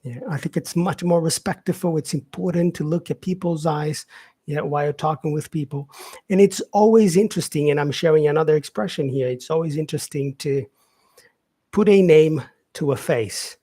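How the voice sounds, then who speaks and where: A man teaching English vocabulary on a live stream, explaining slowly and filling pauses with "yeah" and "um". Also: on the high side, warm tone, slightly rough. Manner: explains slowly, with many fillers and repeated "yeah". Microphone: facing camera, streaming live.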